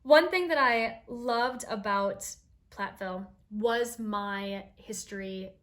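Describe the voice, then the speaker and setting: A woman's voice: medium pitch, slow pace, fairly bright tone, slight background noise. A young woman in her twenties, a teacher vlogger, explaining her school paperwork in a chatty, upbeat way with plenty of fillers. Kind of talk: casual explanatory vlog.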